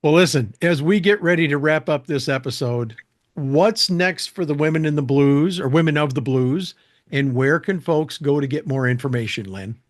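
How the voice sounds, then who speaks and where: A man's voice: a little high, moderate pace, no room sound, studio quality. Male host with short, encouraging replies. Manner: brief encouraging responses. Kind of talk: interview hosting.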